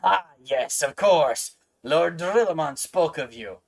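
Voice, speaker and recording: A man putting on a booming stately knight. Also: animated, gravelly, full character voice, rough recording. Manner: formal, slow and booming. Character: loud, stately male knight commander. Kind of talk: reading game dialogue aloud with voices.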